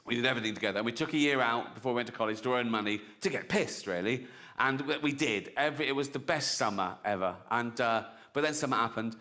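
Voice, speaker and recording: A man's voice: medium pitch, fast, pushed and bright. A man, telling stand-up stories in a conversational way and checking in with the audience. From England. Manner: conversational, keeps checking in with "right?". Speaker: stand-up comedian. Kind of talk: stand-up storytelling.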